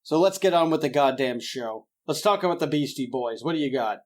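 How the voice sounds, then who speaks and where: A man's voice: fairly high pitch, expressive, brisk. A young man hosting a podcast in a rambling, jokey, self-deprecating way. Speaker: podcast host. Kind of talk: casual podcast chat.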